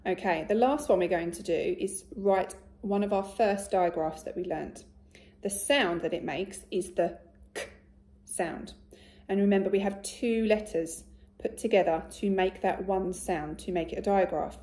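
Slow, mellow-voiced woman teacher. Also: mid-range voice. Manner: slow, clear and encouraging, with much praise. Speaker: primary school teacher. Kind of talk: recorded phonics lesson for young children.

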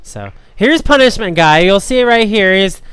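Animated man hosting a podcast, crisp dry sound. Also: sits high, normal speed, dry recording. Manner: animated, laughing often, many fillers. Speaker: podcast host. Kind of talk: casual storytelling chat.

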